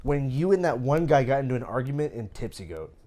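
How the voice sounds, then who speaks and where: Lively young man with quick jokes. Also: mid-range voice. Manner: chimes in with quick jokes and agreement. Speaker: podcast co-host. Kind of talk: casual chat over beers.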